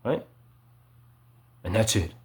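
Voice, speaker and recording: A man delivering an agitated, repetitive monologue, ending his sentences with "right?" and swinging between loud emphasis and low mutters. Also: takes it slowly. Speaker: vlogger. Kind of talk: ranting monologue to camera.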